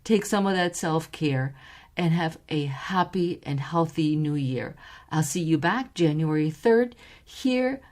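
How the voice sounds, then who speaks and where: A woman's voice: low-pitched, expressive, a little slow, darkish tone. A woman hosting a podcast, agreeing effusively with her guest and closing the episode with enthusiasm. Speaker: podcast host. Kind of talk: podcast interview and outro.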